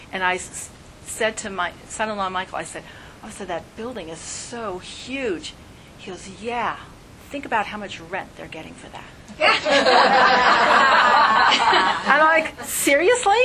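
A woman's voice: medium pitch, slight background noise, rough recording. Chatty woman telling teaching stories. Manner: chatty, animated storytelling with little laughs. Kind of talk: casual spoken teaching.

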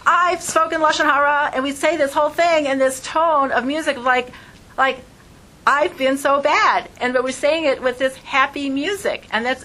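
A woman leading an informal religious class in a bright, forceful voice. She teaches with lively flair and slips into little acted voices for examples, over a faint hum behind her. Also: medium pitch, poor audio. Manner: lively, acts out voices in quotes.

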